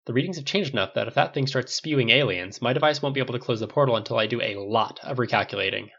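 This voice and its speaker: A man voicing a quick-joking male genius inventor, talking brisk and wisecracking. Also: medium pitch, gravelly, fairly bright tone. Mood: breezy. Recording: dull lo-fi recording.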